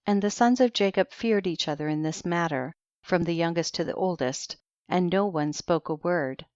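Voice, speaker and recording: A woman narrates an audiobook in a measured, even manner. Her voice sits on the low side. The recording is dry and a little dull. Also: dry recording. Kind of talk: scripted narration. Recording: dry, slightly muffled recording.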